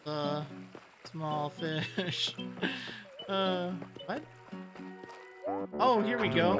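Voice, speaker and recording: A man's voice: sits high, big pitch swings, takes it slowly, pauses often. Chatty man streaming a game. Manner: chatty, laughs often, talks to the game characters. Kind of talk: casual gameplay commentary. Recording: game music playing loud. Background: game music.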